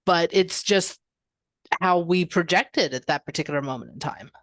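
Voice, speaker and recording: A woman co-hosting a podcast, calm and reflective, explaining her thoughts in casual chat. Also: fairly low pitch, normal speed, dry recording, clean studio sound. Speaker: podcast co-host.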